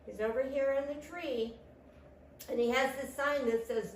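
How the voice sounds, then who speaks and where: A high-voiced woman acts as storytime reader, reading a children's picture book aloud in a slow, animated way with sound effects. The mic sits at a distance in an echoey room, and a little hiss or hum is present.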